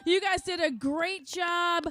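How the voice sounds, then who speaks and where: A woman's voice: very high-pitched, slow pace, sharp tone. A woman announcing a race podium, bubbly and joking, laughing often as she interviews the riders.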